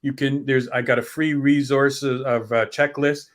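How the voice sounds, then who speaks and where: A man's voice: medium pitch, fairly even intonation, normal speed. A man, a guest author in a conversational interview, who rambles, restarts often and acts out complaining heirs. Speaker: author and guest on estate planning.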